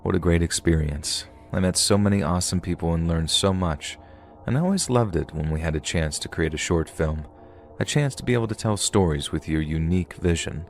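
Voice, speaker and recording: A man with an extremely low, deep voice narrates a first-person scary story, calm and steady. Soft music plays faintly beneath him. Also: a little fast. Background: background music.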